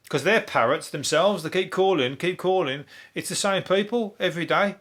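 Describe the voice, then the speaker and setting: A man's voice: sits high, normal speed, fairly bright tone. A man, a comedian hosting a solo news review podcast, talking in a rambling, heavily sweary way and laughing at his own jokes. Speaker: podcast host.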